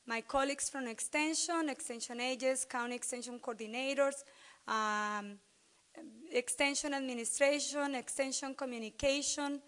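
A woman speaks slowly, welcoming the audience at a farming short course. Her talk is hesitant and full of fillers and restarts, as if addressing a room from a podium microphone. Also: high voice, a bit bright. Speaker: university extension professor welcoming attendees.

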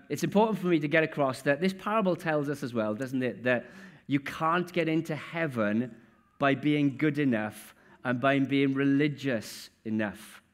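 A man preaching a sermon in a church in a conversational way, often putting questions straight to his listeners. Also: a little high.

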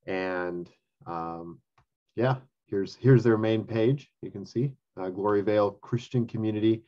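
Low, hesitant man with lo-fi sound. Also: measured pace, warm tone. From US Pacific Northwest. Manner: hesitant, many ums. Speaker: co-host. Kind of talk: casual discussion.

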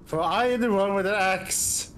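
A man's voice: high-pitched, moderate pace, fairly bright tone, faint music behind. A man chatting casually on a voice call while playing a co-op game, explaining tactics with dry sarcasm. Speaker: gamer.

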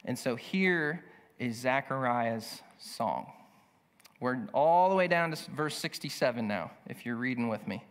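A male pastor preaching a sermon, reading scripture slowly and speaking in an earnest, emphatic way. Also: medium pitch, animated, a bit bright. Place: church sanctuary. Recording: long church hall reverb.

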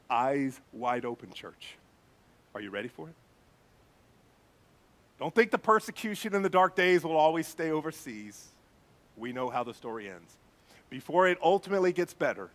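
A male pastor preaching a sermon in an animated, emphatic way, speaking straight to his congregation. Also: on the high side.

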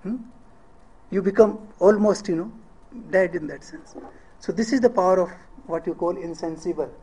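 A man's voice: high-pitched, normal speed, dark tone, a little hiss or hum, rough recording. A middle-aged man with an Indian English accent giving a public lecture, often asking the audience questions and checking in with "eh?". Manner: rhetorical questions, asks audience "eh?".

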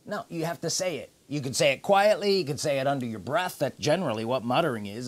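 A man preaching a sermon, emphatic, repeating key phrases with drawn-out pauses. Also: mid-range voice, lively intonation.

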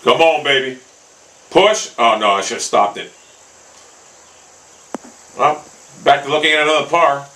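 A man giving angry gameplay commentary, swearing constantly and yelling at the game. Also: medium pitch, expressive, measured pace, pauses often, poor audio. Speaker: gaming commentator.

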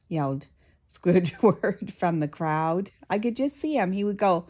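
An older woman reading a picture book aloud to children, with playful asides. Her voice swings widely and she takes her time. She sounds expressive and animated. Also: lowish voice, unhurried, husky, dull audio. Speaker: storyteller.

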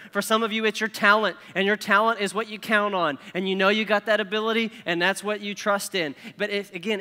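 A man's voice: high-pitched, pushed and bright, clear, resonant tone, big-room sound. A male pastor preaching a sermon in a conversational way, checking in with "okay?" and "right?" as he goes.

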